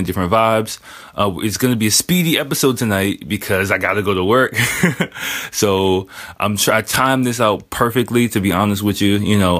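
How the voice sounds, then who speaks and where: A young man hosting his own podcast from his living room sofa, talking in a laid-back, slangy way with casual swearing. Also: fairly low pitch. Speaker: podcast host. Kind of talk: casual chat. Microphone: camera and phone on tripods.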